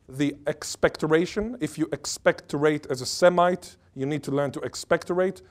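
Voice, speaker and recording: A man's voice: on the high side, a little fast, few pauses, slight background noise. A man giving an academic lecture as a linguist, emphatic and playful, fond of wordplay and of putting questions to the audience. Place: lecture or workshop before an audience.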